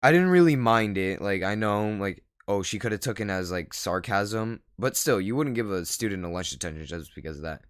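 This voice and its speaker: Low, smooth-voiced teen boy telling a story. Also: lively intonation, fairly quick, hardly any pauses, no room sound, studio quality. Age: teens. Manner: rambling, filler-heavy, laughs at own story. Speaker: vlogger. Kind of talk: casual storytelling.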